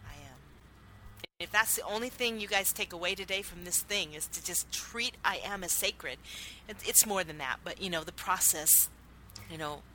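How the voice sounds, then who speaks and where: Female co-host, low pitch, bright edge, eager testimonial energy. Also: moderate pace, slight background noise, rough recording. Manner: enthusiastic, shares personal testimony. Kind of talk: talk-show chat.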